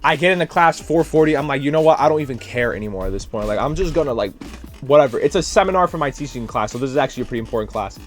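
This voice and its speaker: A young man, a student teacher, telling a rambling, animated story in a casual vlog, full of fillers and worn out from his day. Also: mid-range voice, rapid-fire, soft background music. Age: young adult. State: tired, drained.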